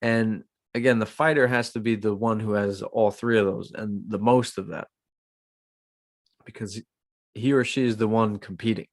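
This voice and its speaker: Animated man talking fight news. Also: lowish voice, moderate pace, no room sound. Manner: chatty, animated, acts out quotes. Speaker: MMA podcast host. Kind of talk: casual commentary on a live stream.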